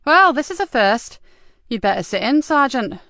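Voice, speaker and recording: A woman voicing a tough, blunt female detective inspector who talks in a forceful, no-nonsense way. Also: sits high, sing-song, normal speed, vocal fry, dry recording, clean studio sound, voice pushed up, exaggerated voice. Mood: brisk.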